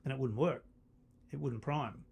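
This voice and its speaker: A man's voice: medium pitch, moderate pace, creaky, slightly rough. A middle-aged man, a company founder, telling a long personal story on a podcast, laughing and acting out the lines of the people in it. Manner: animated storyteller, laughs often, acts out quotes.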